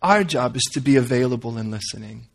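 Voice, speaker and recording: A man preaching a sermon, reading scripture and breaking off into animated, joking, conversational asides. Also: mid-range voice, fast talker, gravelly. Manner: animated, conversational, full of asides and playful jokes. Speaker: pastor.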